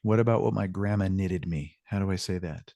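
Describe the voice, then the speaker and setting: Low-voiced man teaching a language class. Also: a little fast, gravelly, warm tone, dry recording, clean studio sound. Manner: encouraging, repeats praise words. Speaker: Spanish teacher.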